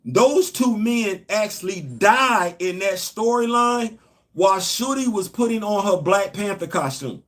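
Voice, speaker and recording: With an animated, high-pitched, fairly bright voice, this man hosts a casual livestream at an unhurried pace. He addresses the audience directly and hammers away at his points, repeating them emphatically.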